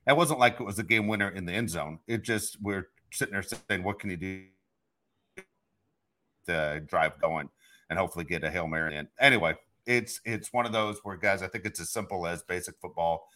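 A man's voice: sits low, brisk. A man co-hosting a sports podcast, talking in a frustrated, emphatic way. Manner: frustrated, emphatic, laughs loudly. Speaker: podcast host. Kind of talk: casual sports talk.

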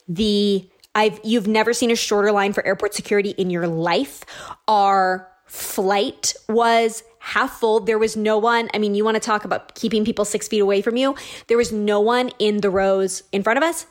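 A woman in her thirties tells a story in a loose, conversational way. She jumps between thoughts, fills pauses with "um" and "like", and acts out the little exchanges. Her voice sits at an ordinary middle pitch. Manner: chatty, animated, lots of likes and ums. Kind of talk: casual storytelling monologue.

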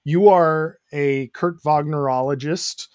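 A man's voice: a little high, slow pace, darkish tone, no room sound. A man co-hosts a casual podcast, laughing often and adding short remarks. The sound is dry and close. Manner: laughs often, brief interjections. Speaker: podcast co-host.

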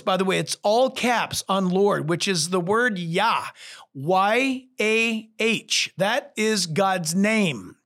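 A man, a pastor, teaching from the Bible in an animated, emphatic way and talking straight to the listener. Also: sits high, unhurried.

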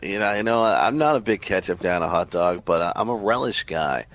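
A man's voice: low-pitched, fairly quick. A man co-hosting a sports radio show, chatting casually and playfully, throwing questions at his partner. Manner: animated, jokey, throws questions.

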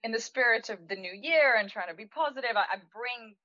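A woman who owns a restaurant, telling an anecdote in a chatty, animated way, laughing now and then and using lots of fillers. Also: a little high, a little fast, no echo. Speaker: restaurant owner. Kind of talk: anecdotal storytelling in conversation. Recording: dull lo-fi, dry sound.

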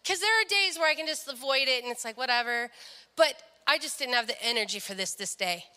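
A young woman shares a personal faith story in an earnest devotional talk, often quoting people in their own voices as she gives her testimony. Her voice is high, bright, and forceful, delivered fast and animated, with a big-room sound.

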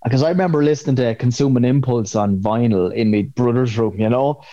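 Irish man with a mellow, lo-fi voice. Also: medium pitch, brisk. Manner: jokey, enthusiastic storyteller. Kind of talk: casual chat. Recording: dull lo-fi sound.

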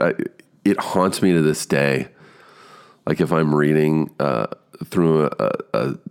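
A man in his fifties telling a casual story about an audition, swearing freely and acting out his own stumbles. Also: extremely low pitch. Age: 50s.

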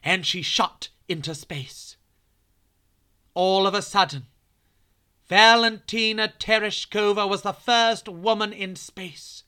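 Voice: medium pitch, takes it slowly, sharp tone, clear, resonant tone. A children's podcast host, telling a true story in a playful way and speaking straight to young listeners.

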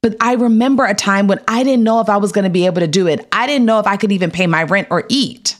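Speaking quickly in a mid-range voice, this podcast guest, an actress in her thirties, recounts something that happened to her. The chat is casual, and she animatedly performs other people's lines to her in raised voices.

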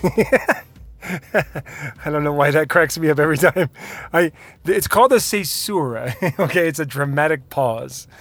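A man's voice: a little high, unhurried, no room sound. A man hosting his own podcast, talking casually and with energy, laughing easily and drifting into side notes. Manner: animated, laughs easily, digresses. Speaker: podcast host. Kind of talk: casual solo podcast talk.

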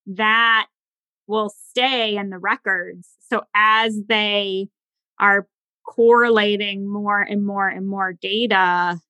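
A woman's voice: medium pitch, little pitch movement, slow pace, pushed and bright, no echo, rough recording. A woman hosting a podcast interview, talking in an emphatic, opinionated way. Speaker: podcast host. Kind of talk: casual interview chat.

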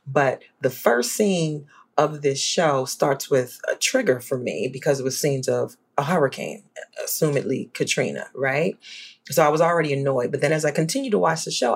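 A guest scholar from New Orleans with a New Orleans accent, talking in an animated, emphatic way in a podcast conversation. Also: creaky, husky. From New Orleans, USA. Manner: animated, emphatic, swings up high when excited.

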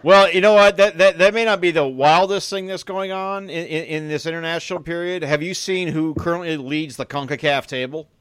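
A man with a fairly high voice chats casually on a football podcast, tripping over his words and restarting sentences as he goes. He laughs easily and keeps the banter playful. The sound is dry and close to the mic. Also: fairly quick, hardly any pauses, a bit bright, smooth, no echo. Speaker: podcast co-host. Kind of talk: casual chat.

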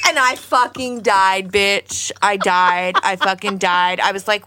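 A woman's voice: medium pitch, slow, hardly any pauses, clean tone, no room sound. A woman co-hosting a podcast, telling a story with lots of swearing and acting out everyone's lines. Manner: profane, animated storyteller, acts out quotes. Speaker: podcast co-host. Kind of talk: casual storytelling chat.

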